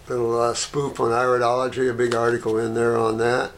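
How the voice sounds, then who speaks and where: An older man, a natural healer, telling rambling anecdotes in a casual way and getting animated when he retells them. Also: medium pitch, brisk, slight background noise. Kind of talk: casual storytelling.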